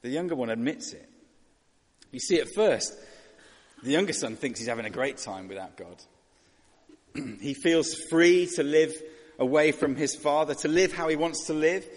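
A man's voice: fairly high pitch, normal speed, long reverb tail. A man preaching a sermon in a conversational way, asking rhetorical questions and voicing characters.

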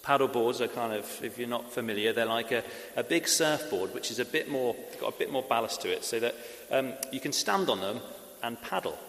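A man preaching a sermon and leading a prayer, talking in a halting way with many fillers and restarts. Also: medium pitch, lively intonation, fairly bright tone. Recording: echoey hall with faint hiss.

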